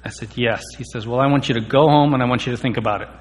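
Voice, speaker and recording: A man from India shares his personal faith testimony earnestly, sometimes stammering on key words. He speaks very fast in a mid-range voice, and the recording carries the long reverb of a hall.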